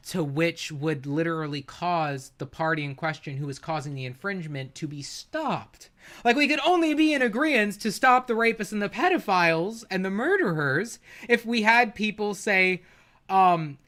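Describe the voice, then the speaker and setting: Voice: medium pitch, expressive, normal speed. Profane, exasperated livestream commentator. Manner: loud sarcastic outbursts. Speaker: streamer reviewing a debate.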